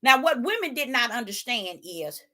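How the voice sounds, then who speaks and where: A woman's voice: fairly high pitch, very animated, normal speed, pushed and bright. A woman preaching informally, emphatic and rhetorical, with folksy dialect and phrases repeated for emphasis.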